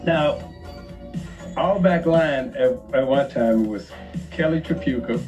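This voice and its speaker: A man's voice: medium pitch, takes it slowly, faint music behind. A man, a former basketball player, telling a funny story with lots of laughter and restarts. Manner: animated, laughing, repeats himself. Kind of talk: casual anecdote on a talk show.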